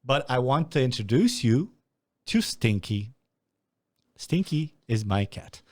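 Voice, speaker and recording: A young man from Romania hosting a podcast, telling a story in a casual, animated way and swearing freely. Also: mid-range voice, slow. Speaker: podcast host.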